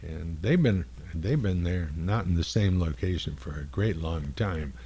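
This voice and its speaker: Brief: male fill-in radio host, very deep voice, ambling studio patter. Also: animated, warm tone, slightly rough. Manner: unhurried, rambling, with frequent pauses. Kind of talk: casual radio chat.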